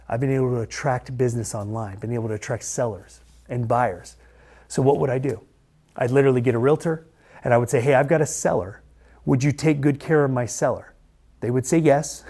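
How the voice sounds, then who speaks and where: A middle-aged man recounts his own story straight to the camera, earnest and conversational. He is a lender turned coach, and he leans on repeated phrases for emphasis. His voice sits at an ordinary pitch for a man. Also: a little mellow. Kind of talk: personal story told to camera.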